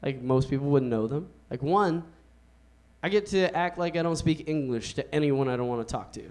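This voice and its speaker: A young man doing a stand-up comedy set on a club stage into a handheld mic, with a loose, laid-back delivery and drawn-out punchlines. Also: on the high side, a little mellow. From United States.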